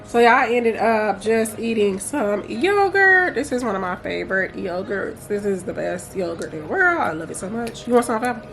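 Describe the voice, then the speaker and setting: A woman's voice: medium pitch, very animated, normal speed, hardly any pauses, a bit bright. Chatty young woman vlogging at home. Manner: chatty, playful, with laughs. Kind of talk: casual chat to camera. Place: home, indoors.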